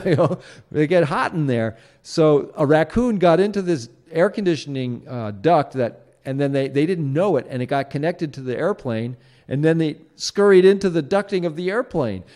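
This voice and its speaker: A man's voice: on the high side, a little mellow. A man hosting his own show, talking through a casual solo commentary in a rambling way, with many fillers and restarts. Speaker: show host.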